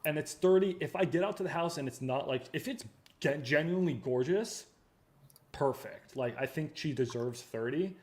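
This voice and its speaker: A man hosting a casual training livestream from a home studio, talking loosely with slang and quick restarts. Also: fairly high pitch. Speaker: host of a real estate training livestream. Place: backup home studio at his father's house.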